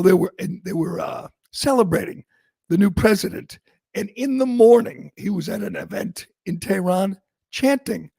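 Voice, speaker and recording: A man's voice: high voice, gravelly, a little mellow, breathy edge, dry recording. A man hosting a talk radio show, delivering an opinionated monologue in a sarcastic, emphatic, mocking manner.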